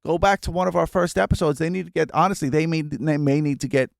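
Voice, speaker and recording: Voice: medium pitch, steady tone, fast talker, gravelly, no echo, studio quality. Blunt podcast co-host. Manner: blunt, mocking, crude banter. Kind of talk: casual chat.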